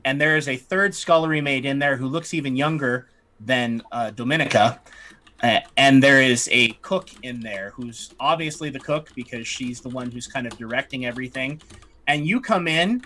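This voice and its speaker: A man narrating as dungeon master, relaxed and halting with fillers. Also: medium pitch. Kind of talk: narrating a tabletop game.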